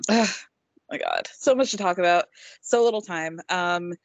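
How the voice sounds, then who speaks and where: A woman's voice: lowish voice, normal speed, no echo, lo-fi sound. A young adult woman co-hosting a podcast, recapping a reality show in casual, chatty talk with lots of ums and freely dropped swear words. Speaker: podcast co-host.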